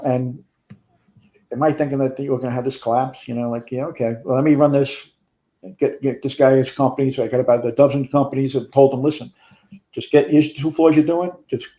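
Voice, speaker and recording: Older New man, retired fire chief guest, warm low-key tone, casual storytelling. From New York. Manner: rambling with frequent restarts and swearing.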